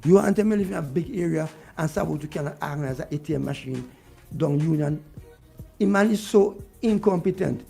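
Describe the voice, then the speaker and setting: With a high, creaky, husky voice that still sounds warm, a Vincentian radio guest rants angrily about politics. He is clearly vexed, circling back to the same points repeatedly, and his accent marks him as being from Saint Vincent.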